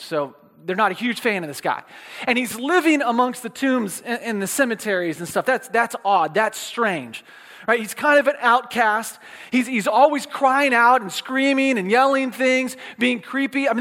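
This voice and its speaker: A man with a very high, slightly bright voice preaches a casual, conversational sermon. He often checks in with listeners, restarts his words and tosses in playful asides, all under the long reverb of a hall.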